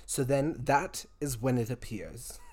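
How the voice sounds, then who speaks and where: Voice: medium pitch, expressive, unhurried, darkish tone, slightly rough. A podcast co-host casually telling a true-crime story, laughing often and dropping crude jokes.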